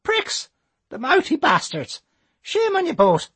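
Man voicing a shrill, scolding old woman. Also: huge pitch swings, unhurried, fairly bright tone, no echo, full character voice. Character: cranky elderly woman with walking frame.

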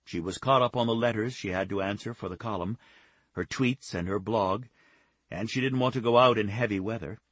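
A male audiobook narrator reads a novel in a calm, even storytelling voice. His tone is low and husky, recorded close on a dry, dead studio mic. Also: brisk, dry recording. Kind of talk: scripted narration.

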